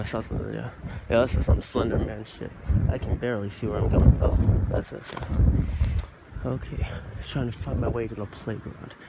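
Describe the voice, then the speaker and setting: A man's voice: on the low side, vocal fry, very noisy. Rambling profane young man walking outdoors. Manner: goofy, profane, rambling with restarts. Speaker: vlogger. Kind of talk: rambling casual monologue. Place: outdoors at night, walking near a playground.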